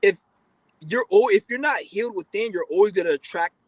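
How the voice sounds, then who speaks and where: A man's voice: high voice, animated, a little fast, no room sound, rough recording. A man giving a blunt, profane, rambling casual monologue as a podcast host.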